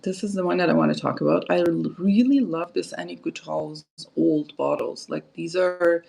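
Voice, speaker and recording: A woman's voice: lowish voice, normal speed, creaky, a little mellow, breathy edge, rough recording. A woman hosting a casual perfume livestream, rambling and chatty with lots of fillers and restarts. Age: adult, parent of kids.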